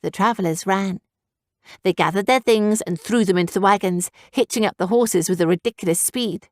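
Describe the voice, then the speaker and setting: Female audiobook narrator, steady storytelling, dry close-mic studio sound. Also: mid-range voice, normal speed, no room sound. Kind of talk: scripted narration.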